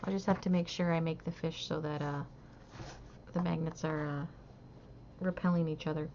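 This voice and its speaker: A woman's voice: low voice, fairly even intonation, moderate pace, darkish tone. Tired, rambling woman live streamer. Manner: rambling, hesitant with many uhs. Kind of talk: casual chat while crafting. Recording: dull lo-fi stream audio with faint hiss.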